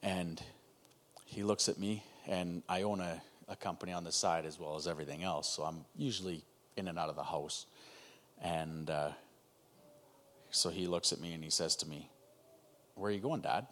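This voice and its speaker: A man with a notably deep, low-pitched voice recounts a hard personal experience on a video call. He talks haltingly, pausing and restarting as the emotion catches up with him. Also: steady tone, fairly bright tone, slight background noise. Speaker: guest telling his story. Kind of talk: personal testimony in a conversation.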